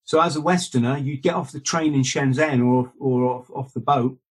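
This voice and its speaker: A man's voice: medium pitch, normal speed, slightly rough. A man, a guest and author, telling rambling stories full of asides and self-corrections. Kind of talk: rambling anecdotal storytelling.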